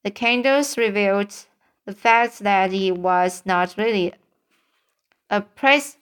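A woman reading a children's storybook aloud in a halting way, often stumbling over words and starting them again. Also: mid-range voice, smooth. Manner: halting, frequent stumbles and restarts. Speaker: audiobook reader.

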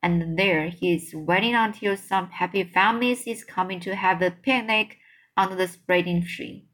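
A woman reading a children's book aloud, voicing a huge gentle old male giant who talks slowly and mixes up his words. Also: on the low side. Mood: storytelling. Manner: slow, drawn-out speech with jumbled words.

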